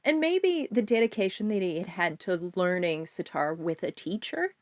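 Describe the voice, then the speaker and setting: A woman hosting a podcast, talking about music in an analytical, animated way. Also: fairly low pitch, normal speed, no room sound, clean studio sound. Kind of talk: casual music discussion.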